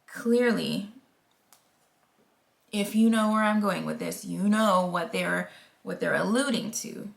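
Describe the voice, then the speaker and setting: A woman's voice: mid-range voice, vocal fry. A woman in her thirties telling a personal story to camera in a casual, emphatic way. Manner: candid and emphatic, acts out quoted voices. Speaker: vlogger.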